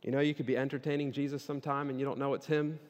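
Animated preacher man in a reverberant hall. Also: mid-range voice, very fast. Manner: animated, builds to loud emphatic peaks. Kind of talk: sermon.

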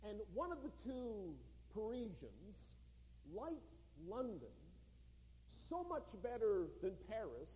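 A man's voice: sits high, very animated, slow pace, warm tone. Man preaching in a long-echoing chapel. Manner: storytelling that builds to fervent exhortation. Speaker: guest preacher. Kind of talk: sermon to students. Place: large chapel. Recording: long reverb of a large hall.

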